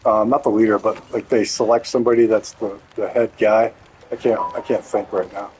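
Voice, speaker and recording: A man's voice: fairly low pitch, little pitch movement, brisk, darkish tone, slightly rough, poor audio. A man streaming a game, telling a rambling, profane story in a casual way. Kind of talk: casual storytelling while gaming.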